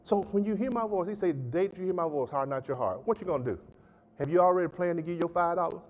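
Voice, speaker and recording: A man pastor preaching a sermon with emphatic call-and-response delivery, swinging between loud and soft. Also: sits high, quick pace, highs cut off. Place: church sanctuary. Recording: church hall with long reverb.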